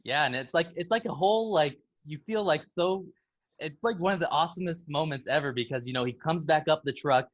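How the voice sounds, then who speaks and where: A man's voice: fairly high pitch, fairly quick, dry recording, muffled recording. A man co-hosting a casual film podcast, eagerly retelling movie scenes and acting out their lines. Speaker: podcast co-host.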